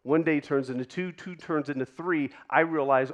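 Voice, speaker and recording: A man giving a deeply personal storytelling talk on stage to a live audience, pausing for effect and dropping to a hush at tender moments. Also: dull audio. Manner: dramatic pauses, drops to a hush for quoted moments. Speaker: keynote speaker.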